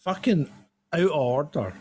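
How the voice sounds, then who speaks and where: A man's voice: fairly high pitch, lively intonation, unhurried, a little mellow, husky. A man co-hosting a casual live show, telling anecdotes and often breaking into laughter. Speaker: co-host. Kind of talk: casual live-stream chat.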